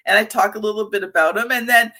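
A woman hosting a podcast interview, telling personal stories in a lively, expressive way. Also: mid-range voice, quick pace. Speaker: podcast host. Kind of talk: conversational interview.

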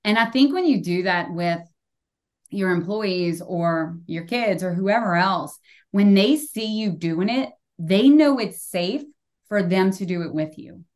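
A woman's voice: medium pitch, lively intonation, measured pace. A woman in her forties hosting a podcast, talking frankly and emphatically and swearing casually. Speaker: podcast host. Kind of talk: casual conversation.

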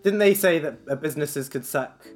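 A man's voice: on the high side, normal speed, soft background music. A man in a casual discussion, raising probing questions. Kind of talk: casual conversation.

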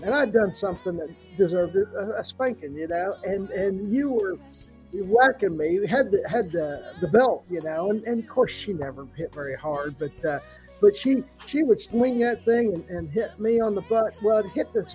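A middle-aged man co-hosting a podcast, telling family stories in a halting, emotional way with many fillers. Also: sits high, expressive, soft background music, low-quality recording. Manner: warm storyteller, halting with fillers, tearful at times. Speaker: podcast co-host. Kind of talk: heartfelt podcast tribute.

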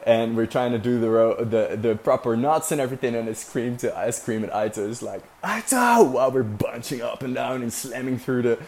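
A man's voice: mid-range voice, steady tone, brisk, hardly any pauses, a little mellow. A young man casually telling a story as a vlogger, rambling with lots of fillers and swearing. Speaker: vlogger recounting a sailing trip.

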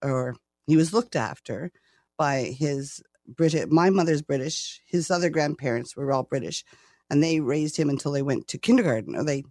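A woman's voice: sits low, moderate pace, darkish tone, no room sound. A chatty retired woman from Canada, talking casually with frequent laughter. She often stumbles over the first word of a sentence. The sound is close and dry, with no room around it. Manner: chatty, laughs often, repeats words when starting. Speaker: interview guest. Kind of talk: casual conversation.

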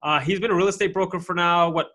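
A man's voice: high voice, fairly even intonation, fast, bright, forceful tone. A man hosting a podcast, chatty and upbeat, with frequent fillers and restarts. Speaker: podcast host. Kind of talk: casual podcast interview.

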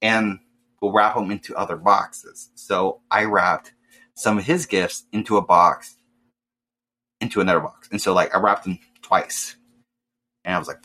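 A young man telling a casual, profane story and acting out loud voices. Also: fairly low pitch, unhurried, pauses often. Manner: swears often, acts out voices loudly.

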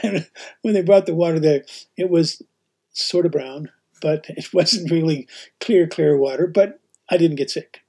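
Husky, slightly high-voiced male host recounting travel stories with frequent laughter. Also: unhurried. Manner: animated, laughs often while telling stories. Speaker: podcast host and teacher. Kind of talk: casual storytelling.

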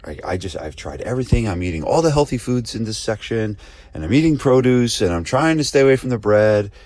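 Brief: a woman venting her frustration about dieting in halting, complaining lines, as a man plays her in his own low voice. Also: very animated, darkish tone, no echo. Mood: frustrated. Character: frustrated woman who cannot lose weight.

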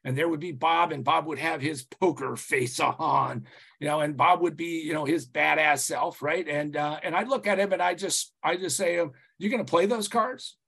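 Creaky and husky, a man's slightly high voice moves at a moderate pace as he tells stories as a consultant guest on a podcast interview. He rambles animatedly, restarts, says "you know" a lot, and swears casually.

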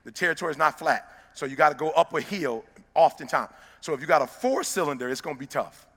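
Gravelly-voiced man giving a fiery motivational speech. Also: fairly high pitch, lively intonation, fast talker, a bit bright. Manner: emphatic, preacher-like, direct address to listeners. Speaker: motivational speaker. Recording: long reverb of a large hall.

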